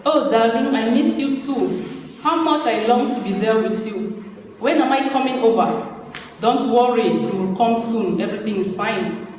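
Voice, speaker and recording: A man's voice: very high voice, moderate pace, a little mellow, distant mic, a little hiss or hum. A man reading aloud as a broke, homesick young male migrant who talks earnestly about his struggle, in an echoey hall. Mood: reassuring. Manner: earnest, self-urging.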